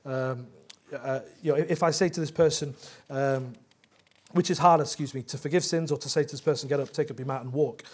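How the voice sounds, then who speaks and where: A man's voice: mid-range voice, steady tone, fairly quick, slightly rough. A man preaching a sermon as pastor, explaining scripture verse by verse with earnest emphasis.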